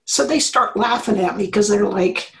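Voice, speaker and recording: A woman's voice: medium pitch, moderate pace, creaky, slight background noise, rough recording. A middle-aged woman, an engineering professor, explaining in an interview and acting out little quoted voices. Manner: animated explainer, acts out quotes. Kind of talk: conversational interview.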